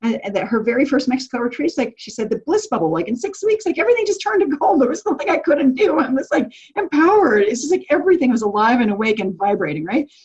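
A woman's voice: sits high, quick pace, few pauses, slightly rough, muffled recording. A woman leading a retreat group on a call, talking casually and animatedly, with many restarts and fillers. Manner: animated, often acting out quotes with laughs. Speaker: retreat leader speaking to a group.

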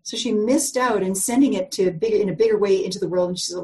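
A woman's voice: mid-range voice, fast talker, darkish tone, poor audio. A woman leading a live group call, teaching a meditation in a chatty storytelling way, with many fillers and restarts.

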